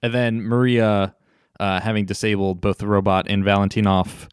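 A man's voice: on the low side, level tone, moderate pace, smooth, dry recording, clean studio sound. A man co-hosting a podcast in casual chat, making wry, sarcastic jokes and swearing casually. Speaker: podcast co-host.

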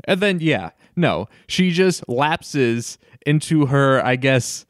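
A man's voice: medium pitch, expressive, slow, dry recording, studio quality. A man from Virginia co-hosting a casual film review chat, rambling and hesitant with many fillers. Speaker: podcast co-host.

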